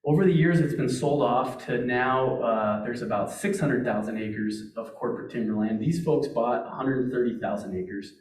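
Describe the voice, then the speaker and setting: A man from Montana talks to a meeting audience in a loose, storytelling way, often restarting his sentences. His voice sits at an ordinary pitch. It is picked up from some distance in a roomy hall with a clear echo. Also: moderate pace, hardly any pauses, darkish tone, a little hiss or hum. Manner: conversational storytelling with many restarts. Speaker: wildlife agency speaker. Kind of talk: public talk.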